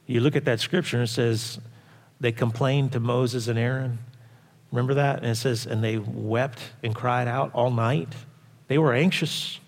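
A man's voice: medium pitch, steady tone, moderate pace. Man preaching a sermon in a reverberant hall. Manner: conversational preaching with rhetorical questions to the congregation. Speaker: pastor.

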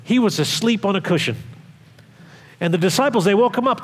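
A man preaching a sermon in a slightly higher register, his voice carrying a long reverb as in a big church sanctuary. He reads scripture and drives his points home earnestly, repeating the important lines. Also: expressive, fairly quick, long pauses. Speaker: pastor. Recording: long reverb of a large hall.

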